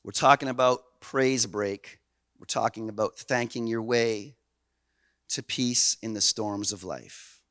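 A man from Canada preaching a sermon in an animated, folksy way, dropping low and then swelling loud. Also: measured pace, no room sound. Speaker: pastor.

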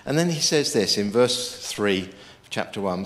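A man preaching a sermon, lively and emphatic, quoting scripture as he goes. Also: lowish voice, measured pace. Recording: long hall reverb.

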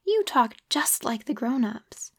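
A woman's voice: on the high side, big pitch swings, slow pace, husky, full character voice. A woman voicing the Little Prince, a small earnest boy. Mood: reproachful. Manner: insistent, questioning.

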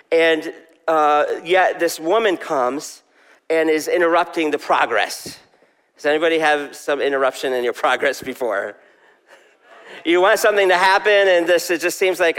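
Male pastor, conversational sermon, questions to the congregation, slightly high voice, long hall reverb. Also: normal speed, fairly bright tone, smooth.

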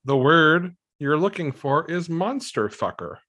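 A podcast co-host in a casual movie discussion, making wry, deadpan jokes. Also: medium pitch, unhurried.

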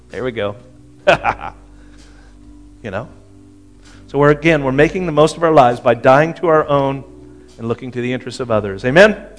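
A man's voice: medium pitch, normal speed, long pauses, soft background music. A man preaching a sermon in a conversational way, often checking in with the congregation. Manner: conversational, asks the audience for agreement. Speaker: pastor.

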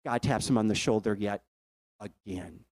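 A man's voice: lowish voice, moderate pace, a little mellow, no echo. A man preaching a sermon, retelling a Bible story and putting questions to his listeners.

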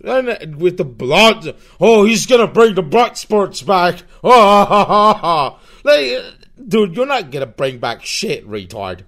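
A man's voice: high voice, very animated, slow pace, a bit bright. A young man hosting a solo podcast, ranting sarcastically and swearing constantly. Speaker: podcast host.

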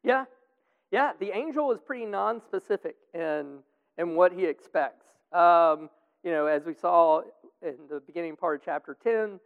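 His smooth voice sits high, and he speaks at a moderate pace while rambling through a casual Bible study discussion with many fillers. It's heard on a tinny, echoing, phone-like line with long reverb.

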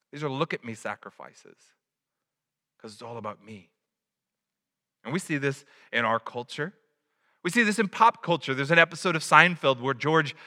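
A man's voice: high-pitched, sharp tone, in a large hall. A man preaching a sermon in a conversational way, a father who acts out little quotes. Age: adult, has a child. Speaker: pastor.

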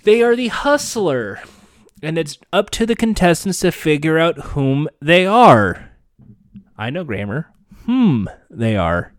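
A man's voice: on the high side, very animated, slow pace, no room sound. A man hosting a podcast in casual chat, candid and sarcastic, swearing freely. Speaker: podcast host.

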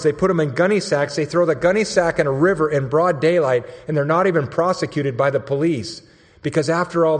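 A man telling a story in a sermon, speaking in a conversational, earnest way, with a long hall reverb around him. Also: a little high. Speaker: mission staff speaker.

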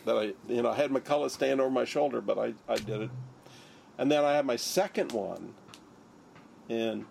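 A man's voice: mid-range voice, moderate pace, gravelly, a little mellow, slight background noise. An older man, a surgeon, recounting his story in an interview, acting out the lines of others. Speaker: interviewee, neurosurgeon.

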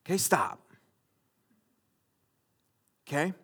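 A man preaching a sermon in a conversational way, with loud, emphatic bursts. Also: drawn-out words. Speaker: pastor.

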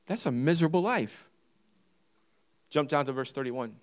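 A male preacher with a mid-range voice and moderate pace delivers a sermon marked by long pauses. Reading scripture, he speaks emphatically, driving points home by repeating key phrases and questioning the congregation.

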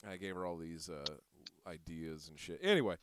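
A young man, spinning a profane, rambling story on a podcast. His voice is fairly low and smooth, recorded dry and close. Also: expressive, fairly quick, no echo. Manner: crude, profane storytelling with many fillers. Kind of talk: casual podcast chat.

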